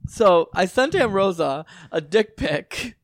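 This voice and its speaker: A man telling stories in a casual, profane chat, often jumping into shrill voices for the people he quotes. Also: lively intonation, slow.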